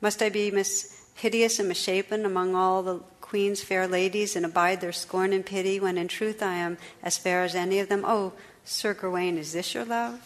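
A woman's voice: mid-range voice, fairly even intonation, normal speed, hardly any pauses, close to an everyday voice. A woman reading aloud, voicing an enchanted medieval noblewoman who speaks in a pleading, sorrowful way. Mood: reproachful. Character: enchanted noblewoman, tearful and earnest, medieval bride. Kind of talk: storybook read-aloud.

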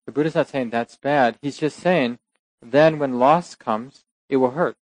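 A man giving a relaxed dharma talk, telling a teaching story with soft asides and small laughs. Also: medium pitch, measured pace, no echo, low-quality recording.

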